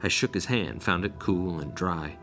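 A man's voice: sits low, moderate pace, fairly bright tone. A man narrating a first-person horror story in a blunt, wry, profane way. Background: faint music.

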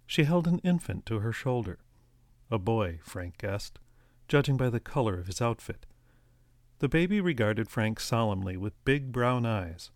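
A man reading a story aloud as an audiobook narrator, in a steady, even storytelling manner. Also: mid-range voice, unhurried, no room sound, studio quality.

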